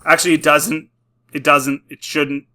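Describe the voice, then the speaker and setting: Young man, bright forceful tone, slightly high voice, exasperated sarcastic rant, casual video review. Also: flat delivery, a little slow. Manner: exasperated, sarcastic, filler-heavy. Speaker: YouTube reviewer.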